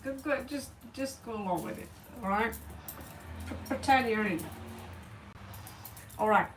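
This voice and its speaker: A woman with a voice on the high side runs a live tarot stream from her cluttered home, talking a little slowly in a distracted, rambling manner, swearing and laughing often. She's recorded from afar on a tripod-mounted phone, with soft music in the background.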